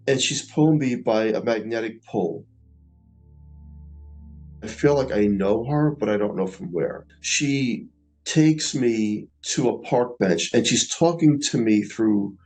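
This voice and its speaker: A middle-aged man, earnestly recounting a personal experience in a slow, reflective way. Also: medium pitch, darkish tone, low-quality recording. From Staten Island, New York. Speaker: near-death experiencer. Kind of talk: personal storytelling.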